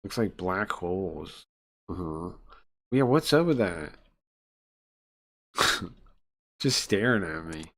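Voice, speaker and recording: Man, lowish voice, live-stream game reading, casual chat, lots of ums. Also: expressive, slow, long pauses, a bit bright. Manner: rambling, many filler ums, reads game text and chats between.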